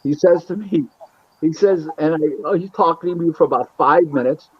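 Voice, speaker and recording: Man, higher-pitched voice, animated storyteller, dry lo-fi recording. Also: moderate pace, slightly rough, dry recording. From Buffalo, New York. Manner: animated storyteller who acts out quoted dialogue. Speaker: boxing matchmaker and booking agent. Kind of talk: casual interview storytelling. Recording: dull, lo-fi, dry sound.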